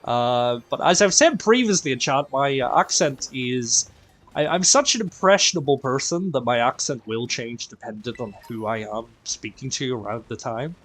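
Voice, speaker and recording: A man from Northern Ireland with a mixed Northern Irish accent, hosting a game live stream in casual chat, greeting viewers by name, tired and quieter than usual. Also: mid-range voice, animated, normal speed. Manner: chatty, greets viewers by name, self-deprecating. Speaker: live-stream raid host.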